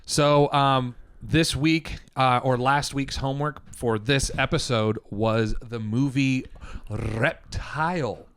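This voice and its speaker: A man's voice: mid-range voice, slow pace, fairly bright tone, clean tone, no room sound. A man co-hosting a casual podcast, chatting animatedly about a movie, swearing freely and retelling jokes in little voices. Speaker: podcast co-host. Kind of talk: casual chat.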